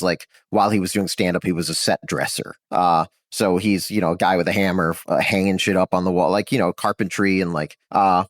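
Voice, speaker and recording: A man's voice: deep voice, dry recording, studio quality. A man chatting casually as a podcast guest, rambling with lots of fillers and restarts. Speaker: podcast guest, comedy writer. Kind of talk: casual chat.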